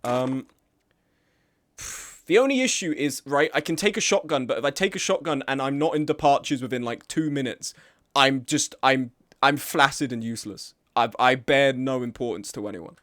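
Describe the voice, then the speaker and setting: A man's voice: mid-range voice, normal speed, fairly bright tone. A man live-streaming a game, chatting casually with his chat in a sweary, self-deprecating way.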